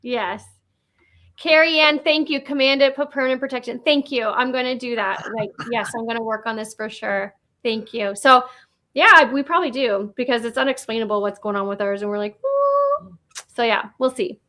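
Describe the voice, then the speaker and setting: A woman with a high voice and a Nova Scotian Canadian accent, talking casually on a livestream. She rambles with plenty of fillers and restarts. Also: fairly quick, pushed and bright. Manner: chatty, rambling, lots of fillers. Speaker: paranormal guest.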